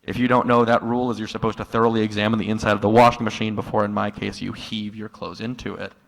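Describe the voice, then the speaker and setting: A man doing a stand-up comedy set in a live room, telling stories in a dry tone that jumps into loud, exasperated outbursts. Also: fairly low pitch, level tone, fast talker, gravelly. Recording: live room with long hall reverb.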